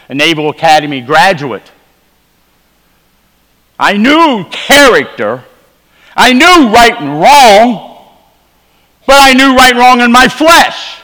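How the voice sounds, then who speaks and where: Preacher, male, high and bright voice, storytelling testimony, long hall reverb. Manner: storytelling, shifts between quiet low asides and emphatic rises. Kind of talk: revival sermon testimony. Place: church sanctuary.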